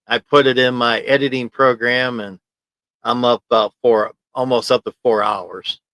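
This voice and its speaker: Man, livestream host, slow unhurried talk, mid pitch, rambling, dry home office sound. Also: bright, forceful tone, no echo. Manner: rambling, chuckling, reads chat aloud. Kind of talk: casual livestream chat reading viewer comments. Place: small home office studio. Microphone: desk mic in home office.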